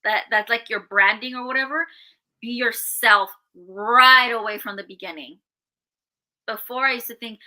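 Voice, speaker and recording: A woman co-hosting a casual podcast, with a slightly high and very bright, sharp voice. She comes across earnest and upbeat and laughs easily as she shares personal tips. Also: steady tone, moderate pace, rough recording. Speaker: podcast co-host.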